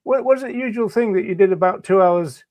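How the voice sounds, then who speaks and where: A man hosting a live video show, chatty and jokey, talking with some halting restarts on a video call. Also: high voice, darkish tone, no echo. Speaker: host.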